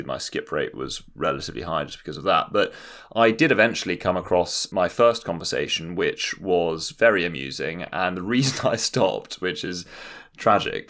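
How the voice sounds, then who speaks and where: A man's voice: sits low, fairly bright tone. A man co-hosting a podcast, speaking in an articulate, wordy, self-deprecating way. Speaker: podcast co-host. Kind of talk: casual chat.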